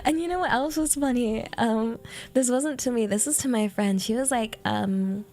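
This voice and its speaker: A woman's voice: on the high side, normal speed, mellow, faint music behind. A British woman streamer chatting casually, rambling and giggling, with lots of fillers. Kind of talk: casual chat.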